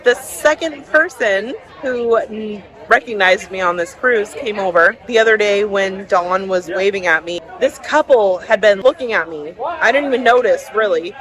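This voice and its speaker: A woman vlogging on a cruise ship, chatting excitedly about her day. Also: mid-range voice, moderate pace, few pauses, rough recording. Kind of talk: casual vlog chat. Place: busy cruise ship lounge. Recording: crowd noise. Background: crowd chatter.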